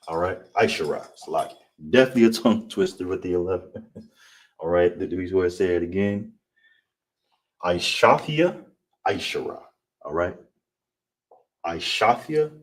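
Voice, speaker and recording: A man teaching an online language class. He repeats words slowly, breaks them down letter by letter, and keeps asking "you understand?". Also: deep voice, far from the mic. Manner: repetitive, checks in with "you understand?". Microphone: streaming setup.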